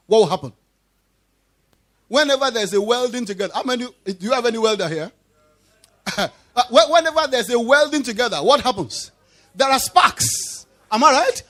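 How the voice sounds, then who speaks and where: A man's voice: high voice, fairly bright tone. A man preaching a sermon in church, who drives his point home through repetition and call-and-response questions to the congregation. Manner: emphatic call-and-response preaching, repeating key phrases. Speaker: pastor.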